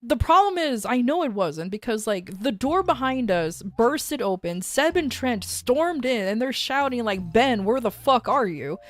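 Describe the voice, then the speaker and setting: A woman's voice: fairly high pitch, unhurried, few pauses, dry recording. A woman streamer casually telling a long story, rambling with many fillers and restarts. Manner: rambling, filler-heavy, animated retelling.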